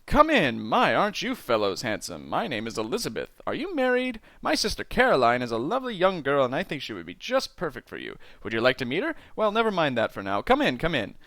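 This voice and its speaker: A man voicing a chatty middle-aged woman from a computer game who talks without pausing for breath. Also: wildly swooping pitch, sharp tone, no room sound, heavily acted. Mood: gushing. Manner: breathless, gushing, high and rapid.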